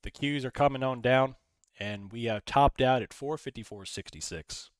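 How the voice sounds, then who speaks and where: A man's voice: mid-range voice, moderate pace, clear, resonant tone, dry recording. A man hosting a casual live stream, rambling, reading chat messages aloud and talking through his trades. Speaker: livestream host.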